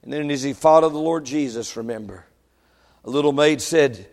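A man preaching a sermon, swinging from shouted peaks to low quiet asides and stumbling over words when worked up. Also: moderate pace, big-room sound. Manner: stammers and restarts when worked up.

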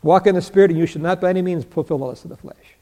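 A man's voice: high-pitched, racing, dark tone. An older man preaching a sermon, teaching Bible verses, asking his listeners questions, answering them himself and chuckling as he goes. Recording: long reverb of a large hall.

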